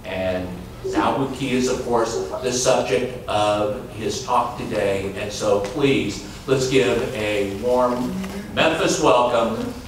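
A man's voice: mid-range voice, slow pace, background noise. A man introducing the guest speaker at a gallery event in an upbeat, enthusiastic way. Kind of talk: formal introduction. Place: lecture hall. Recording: echoey hall picked up from far off. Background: room ambience.

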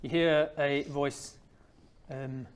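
A man narrating a tabletop game as game master, describing scenes with many pauses. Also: fairly high pitch, fairly even intonation, smooth.

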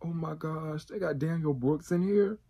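A man hosting a reaction video, talking in a casual, excitable and emotional way with plenty of slang. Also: on the high side, normal speed, slightly rough.

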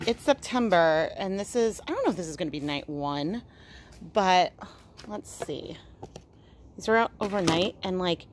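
A woman's voice: on the low side, a little hiss or hum. A woman making a casual home vlog about dyeing yarn, talking in a chatty, candid way. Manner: chatty, candid, frequently laughing. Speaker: yarn dyer and vlogger. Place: home studio and garage.

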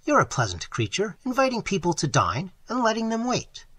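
A man doing a loud, teasing young artist. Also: high-pitched, huge pitch swings, brisk, husky, no echo, voice pushed up, exaggerated voice.

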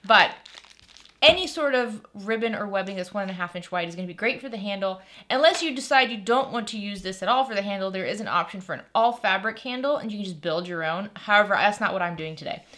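A woman's voice: mid-range voice, animated, fast, bright, forceful tone. A woman hosting a sewing tutorial, chatty and enthusiastic, with lots of casual fillers. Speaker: sewing channel host.

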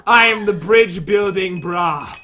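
Teasing, boastful gaming host, bright voice. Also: male voice, high voice, takes it slowly. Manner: boastful, teasing, reads game prompts aloud. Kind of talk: playful gameplay commentary.

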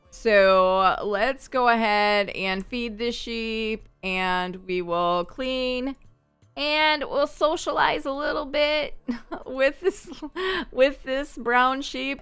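A woman hosting a gaming channel, chatting and thinking aloud as she comments on her gameplay, quick to laugh. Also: a little high, fairly bright tone, clean tone.

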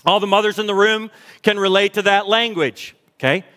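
A fervent male pastor preaches from a church stage, his voice sitting high for a man. He races through lists, then slows to lean hard on each word of scripture, with exclamations between points. His words ring out with a long reverb from the large hall. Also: fairly even intonation, fairly bright tone. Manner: fervent, exclamatory, fast bursts then slow emphatic readings. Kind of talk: sermon.

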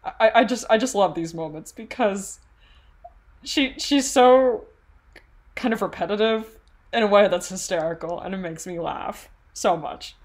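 A woman's voice: medium pitch, measured pace. A woman co-hosting a podcast in casual chat, earnest and hesitant, with many ums and giggles.

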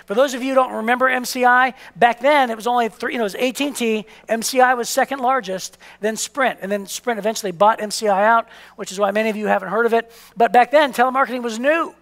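A male pastor in his fifties delivers a sermon in a long-echoing church hall. His voice sits very high for a man, with a gravelly edge, and he tells stories animatedly, acting out the voices. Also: quick pace, hardly any pauses. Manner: animated storytelling, acts out voices.

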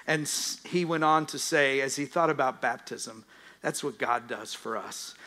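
A man's voice: mid-range voice, fairly even intonation, measured pace, sharp tone. A male pastor preaching a sermon, telling stories and acting out the voices in his retellings. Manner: storytelling, dramatizes quotes.

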